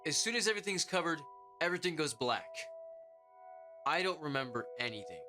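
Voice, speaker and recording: A young man hosting a podcast, telling a story in a casual, profane way and acting out quotes in high voices. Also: sing-song, a little fast, over music. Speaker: podcast host.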